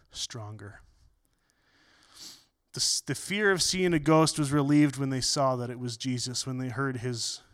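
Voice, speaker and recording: A male pastor delivers a sermon in an earnest way, often doubling his words. His voice swings between loud and soft. It sits a little high, and the tone is smooth and resonant.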